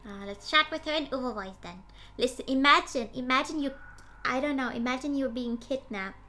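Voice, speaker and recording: A woman putting on a bubbly, chirpy high voice on her game stream, rambling and giggling. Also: fairly quick, pushed and bright. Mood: giggly.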